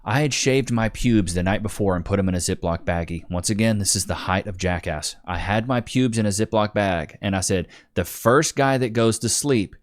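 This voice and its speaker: A man's voice: low-pitched, a little fast, few pauses. A young adult man hosting a casual vlog, rambling through stories in slangy talk full of "dude" and "bro". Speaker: YouTube commentator.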